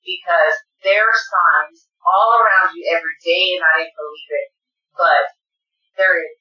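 A woman's voice: lowish voice, steady tone, unhurried, bright, forceful tone. Tearful woman, echoey distant sound. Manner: tearful, earnest, addresses listeners directly. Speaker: guest. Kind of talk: emotional personal storytelling. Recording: echoey, dull room sound from off-mic.

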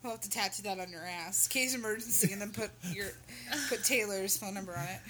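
A woman co-hosting a podcast, throwing in quick crude jokes in casual banter. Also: mid-range voice, background noise. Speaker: podcast co-host.

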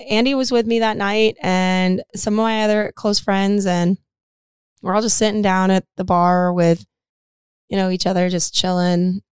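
Smooth-voiced woman telling a story. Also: medium pitch, dry recording, studio quality. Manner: rambling, swears freely, lots of "like". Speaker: podcast co-host. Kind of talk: casual storytelling chat.

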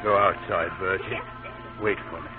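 An actor playing a loving soldier husband and father who speaks in a low, gentle, earnest voice. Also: fairly even intonation, normal speed, close to an everyday voice. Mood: grave. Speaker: actor in an old film. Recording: tinny old film soundtrack with music.

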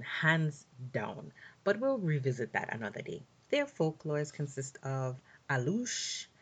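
A woman telling folktales, expressive and animated, slowing down for dramatic effect. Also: deep voice. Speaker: storyteller. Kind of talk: folktale storytelling.

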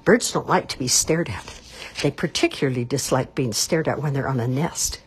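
Audiobook narrator: woman, expressive measured read-aloud, very breathy rasp. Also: a bass voice. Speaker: storyteller. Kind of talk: reading a children's novel aloud.

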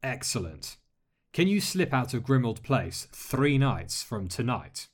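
A man voicing a masked male lord who speaks in a measured, polite way with dry humor. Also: mid-range voice, big pitch swings. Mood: calm. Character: masked male dark lord, calm, courteous, wry.

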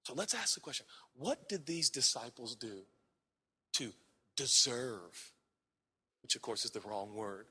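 A man preaching a sermon at a conference, swinging from hushed near-whispers to shouts. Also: mid-range voice, animated, measured pace, pauses often, breathy edge, in a large hall.

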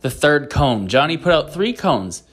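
A man's voice: on the high side, unhurried. A man telling a heated, profane anecdote in a voice message. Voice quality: profane, heated, animated storyteller. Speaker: caller telling a story by voice message. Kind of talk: rambling anecdote told to a podcast host.

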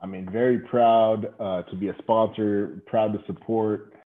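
A man's voice: lowish voice, steady tone, unhurried. A man who is a guest on a podcast, talking casually with an earnest, gushing manner and poking fun at himself. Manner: earnest, gushing, self-deprecating. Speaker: podcast guest, company president. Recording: tinny phone-line call.

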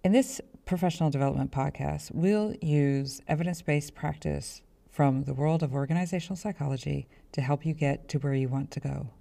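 A woman hosts a professional development podcast in a low, mellow voice with a gravelly edge. She talks in a chatty, self-deprecating way, stopping and restarting as she goes. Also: a little fast, few pauses. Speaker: podcast host.

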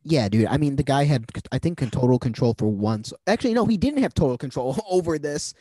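Animated, joking male podcast host. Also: mid-range voice, brisk, slightly rough, no echo. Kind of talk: casual chat.

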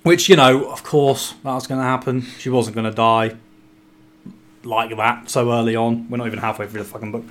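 A man's voice: medium pitch, fairly even intonation, fairly quick. Sweary joking man in podcast chat. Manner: sweary, rambling, jokey asides. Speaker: podcast co-host discussing a novel. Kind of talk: casual book-club chat.

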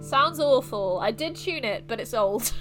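A woman's voice: fairly high pitch, expressive, measured pace, faint music behind. A young woman co-hosting a casual podcast, chatty and laughing often as she reads plot summaries aloud. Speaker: podcast co-host. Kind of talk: casual chat.

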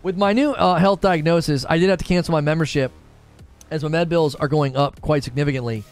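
A man's voice: on the high side, brisk, soft background music. A man in his thirties hosting a casual live stream, upbeat and chatty, thanking viewers by name. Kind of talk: casual chat reading viewer comments.

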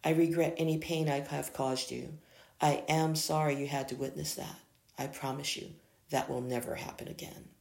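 A possessive man, icy toward outsiders and gentle with his lover, as a storybook reader plays him. The voice is gravelly with fry. It sits in a roomy, echoey space. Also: medium pitch, unhurried. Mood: soft. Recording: echoey room.

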